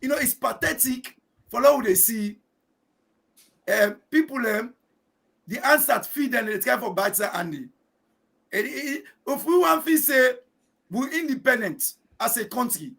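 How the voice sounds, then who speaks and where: A man's voice: extremely high pitch, creaky, fairly bright tone. A man with a Sierra Leonean Krio-English accent, a guest on a political show, speaking in an emphatic, oratorical way and using proverbs. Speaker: guest commentator.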